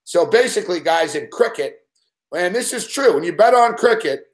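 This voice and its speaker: A man's voice: high-pitched, animated, normal speed. A man hosting a show, telling a long profane story in an agitated, swearing rant. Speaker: show host.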